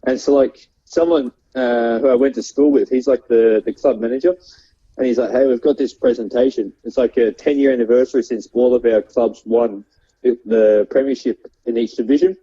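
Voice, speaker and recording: A man's voice: medium pitch, steady tone, normal speed, mellow, husky. A young Australian man, a stand-up comedian, telling rambling stories with lots of fillers and frequent laughter. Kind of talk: casual storytelling chat. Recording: dull lo-fi sound.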